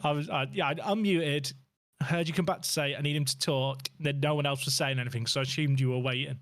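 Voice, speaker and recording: A man joining a game stream chat and asking bemused questions. His voice sits on the higher side. The sound is dry, with no room in it. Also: fairly even intonation, fast talker, fairly bright tone, no echo.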